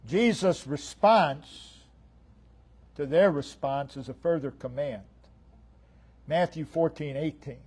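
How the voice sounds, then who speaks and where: Slow, emphatic preaching man. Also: on the high side, breathy edge. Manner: emphatic preaching, stresses single words, swings loud and soft. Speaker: pastor. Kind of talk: sermon. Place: church sanctuary.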